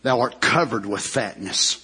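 A man preaching a sermon as pastor, who swings between shouted climaxes and low hushed asides and draws out emphatic words. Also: a little slow, husky.

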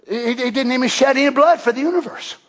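An older man preaching a fervent sermon as pastor in a church, shouting at times and dropping to hushed tones. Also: very high voice, quick pace. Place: church sanctuary.

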